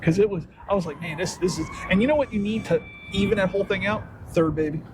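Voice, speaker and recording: A brash, crude man with a high-pitched voice chats casually as a podcast host. He is recorded outdoors while walking, with steady traffic and street noise behind him. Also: fast talker. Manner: brash, crude storyteller doing silly put-on voices. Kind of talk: casual chat.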